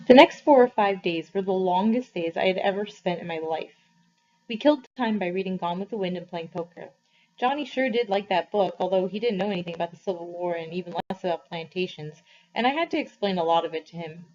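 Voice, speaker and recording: A woman's voice: fairly low pitch, a little fast, darkish tone. Woman teacher reading a novel aloud. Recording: slightly muffled, dull recording.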